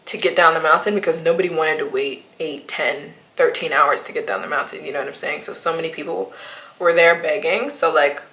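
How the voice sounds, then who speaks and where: Chatty young woman in an echoey room. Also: low voice. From United States. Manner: animated, rambling retelling with many fillers and acted quotes. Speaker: vlogger. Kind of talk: storytime vlog.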